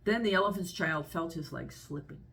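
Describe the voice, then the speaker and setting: Lady reading a kids' story out loud, low-ish gravelly voice, gentle and expressive. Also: fairly quick. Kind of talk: reading a children's story aloud.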